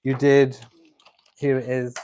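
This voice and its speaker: A man's voice: mid-range voice, monotone, takes it slowly, dark tone, a little hiss or hum. A man hosting a casual live stream from home, reading viewer comments aloud and chatting in a camp, playful way. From England. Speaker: vlog host reading live chat. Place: home, drinking coffee.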